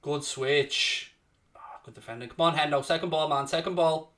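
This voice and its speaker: Man, football watchalong host, sweary banter, high voice, picked up from a distance. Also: moderate pace. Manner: swearing, excitable, cheering on his team and winding up rivals. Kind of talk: live reactive match commentary, casual banter.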